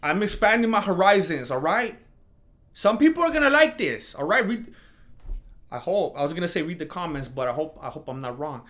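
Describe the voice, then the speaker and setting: Podcast host, male, slightly higher voice; casual, rambling, animated solo chat. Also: a little fast. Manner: rambling, animated, mocks imagined critics in a higher voice.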